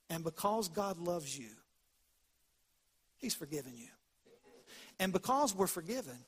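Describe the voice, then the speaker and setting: A man with a high-pitched voice preaches a sermon as the congregation's pastor. He tells homespun stories and drops into hushed tones for the key points. His delivery swings between loud bursts and quiet moments. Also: slightly rough.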